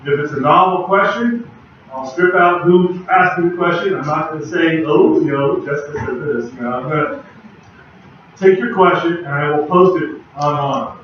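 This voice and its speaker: Man, university lecturer, casual chatty delivery, distant mic, dull lo-fi recording with faint hum. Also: on the high side. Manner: casual, conversational, chatty with asides. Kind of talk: classroom lecture. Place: large lecture hall. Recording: very echoey hall, voice far from the mic, dull lo-fi sound, faint background hum.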